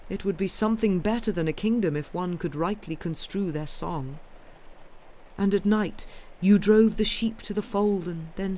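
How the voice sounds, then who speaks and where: A woman's voice: lowish voice, darkish tone, slight background noise, voice pushed up, natural voice. A woman reading the lines of a weary, impatient old king in a storybook reading. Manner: eager, impatient.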